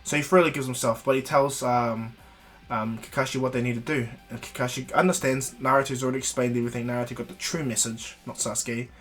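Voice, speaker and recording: A man improvises a fan story in a casual, rambling voice, often restarting and checking in with asides. His pitch sits mid-range, and soft music plays faintly behind him. He gets more animated when excited. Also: fast.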